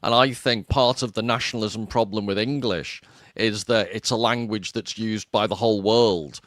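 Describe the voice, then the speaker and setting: A man's voice: lowish voice, fairly even intonation, normal speed, a bit bright, no echo, studio quality. A man from Liverpool joining a casual panel chat, teasing and chatty. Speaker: podcast panelist.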